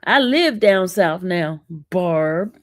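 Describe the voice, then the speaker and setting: Her voice is fairly low, animated, and full of drawn-out words as she hosts a casual livestream, sassing and teasing her chat and talking back to them. The woman has an East Coast American accent and comes from the northern US. No room sound is audible.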